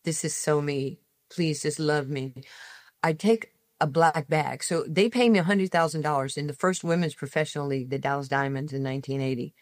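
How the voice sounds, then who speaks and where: A woman in her sixties, a guest telling personal stories in an emphatic way, speeding up in quick bursts. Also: low-pitched, steady tone, no room sound, clean studio sound. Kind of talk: animated personal storytelling.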